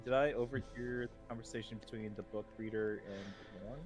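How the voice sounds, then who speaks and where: A man in a tabletop game asking soft, hesitant questions, his voice low-pitched and set back from the mic. Music plays clearly behind him. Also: fairly even intonation, moderate pace. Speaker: player. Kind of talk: tabletop role-play.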